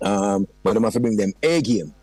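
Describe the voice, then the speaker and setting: A Jamaican man talks about his year in a radio studio interview. His voice sits low and the studio sound is dry and close. He keeps dropping "you know what I mean" and drifts into patois. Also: a little fast, darkish tone, no echo, soft background music, poor audio. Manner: slips into patois. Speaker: dancehall recording artist.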